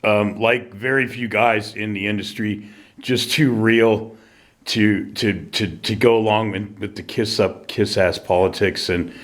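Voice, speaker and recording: A man hosts an interview in a laid-back, conversational way. His voice sits on the low side. He keeps agreeing with his guest and easily calls him brother. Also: fairly even intonation, a little slow. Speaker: interviewer, music industry. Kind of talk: casual interview chat.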